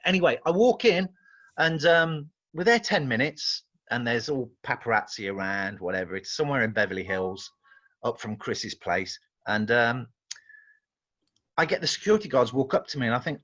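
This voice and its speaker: An English man, a guest musician, telling animated, rambling anecdotes in casual chat, often restarting his sentences. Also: medium pitch, moderate pace, dull audio.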